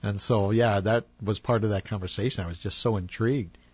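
A man's voice: on the low side, steady tone, brisk, slightly rough, muffled recording. A man hosting a radio show, chatting casually and playfully with his co-host and laughing often. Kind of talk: casual on-air chat.

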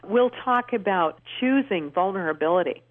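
A woman's voice: medium pitch, animated, moderate pace. Older woman on a tinny phone line. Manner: earnest, warmly emphatic storyteller. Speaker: guest speaker. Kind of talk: phone-in radio interview, storytelling. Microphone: telephone.

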